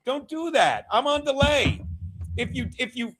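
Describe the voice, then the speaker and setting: A man hosting a casual sports watchalong live stream. He reads chat aloud, laughs a lot, swears freely and sometimes shouts at viewers. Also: very high voice, expressive, a little slow, a little hiss or hum.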